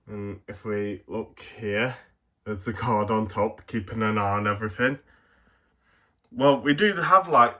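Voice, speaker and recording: A man's voice: lowish voice, bright, forceful tone. Rambling English man with a cold. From England. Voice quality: rambling, laughs often, many fillers. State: has a cold. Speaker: toy reviewer. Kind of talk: casual toy review.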